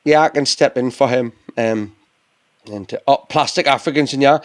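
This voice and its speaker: A British man joking around on a video call, teasing and swearing as he rambles. His voice sits at an ordinary middle pitch. The sound is dry, with no room around it. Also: moderate pace, no echo. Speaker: panel guest. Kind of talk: casual live-stream banter.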